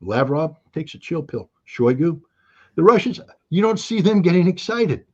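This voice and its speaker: Here is a middle-aged American man talking politics with a husky, breathy edge and a blunt, sarcastic bite. His audio comes through dull and lo-fi, like a remote interview link. He keeps slipping into mocking quotes of other people. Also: a little high, sing-song, normal speed. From United States. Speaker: interview guest, commentator. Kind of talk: heated political commentary.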